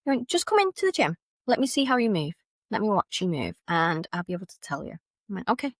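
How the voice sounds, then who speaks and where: A woman from Manchester with a Manchester accent, a podcast guest telling her personal story in an animated way and acting out what other people said. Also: fairly low pitch, fast, slightly rough, dry recording, clean studio sound. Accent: Manchester English. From Manchester, England. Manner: animated, acts out others' lines in quoted dialogue.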